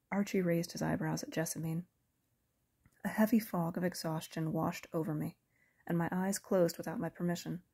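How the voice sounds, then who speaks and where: Woman narrator, low husky voice, measured audiobook reading. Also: steady tone, mellow. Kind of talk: first-person audiobook narration.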